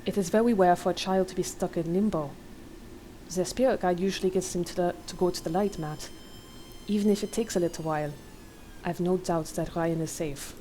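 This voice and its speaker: A man's voice: high voice, fairly even intonation, a little fast, mellow, a little hiss or hum, natural voice, poor audio. A woman reading the part of an older widowed man who speaks with the dead, in a put-on French lilt. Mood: somber. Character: older widowed male spirit medium, gentle.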